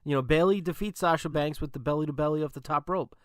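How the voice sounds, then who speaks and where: A man hosting a casual wrestling podcast, relaxed and laughing often with many ums. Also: fairly high pitch, fast, dry recording, studio quality. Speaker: podcast host.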